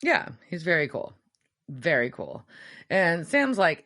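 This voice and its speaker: A woman's voice: on the low side, takes it slowly. A woman co-hosting a podcast, casually recapping a TV episode and acting out lines from it. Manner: animated storytelling, acts out quotes. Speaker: podcast co-host.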